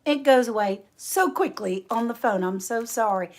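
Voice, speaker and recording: A woman hosting a casual livestream, chatting warmly with viewers, laughing often and reading out their names. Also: a little high, lively intonation, moderate pace. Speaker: homestead channel host.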